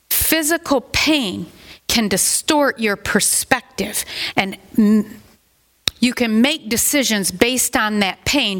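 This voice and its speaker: A woman's voice: mid-range voice, fairly bright tone. A middle-aged woman pastor giving a sermon in a conversational, rambling way, with asides that rise into emphatic questions.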